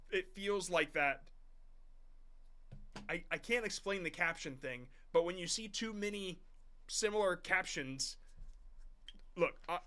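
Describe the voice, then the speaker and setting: A man in his thirties talks through viewers' videos on a live stream, loose and rambling, with restarts and the odd swear word. His voice sits a little high and sounds bright and forceful. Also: clean tone. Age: 30s. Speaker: host reviewing viewers' short videos. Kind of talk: casual live-stream commentary.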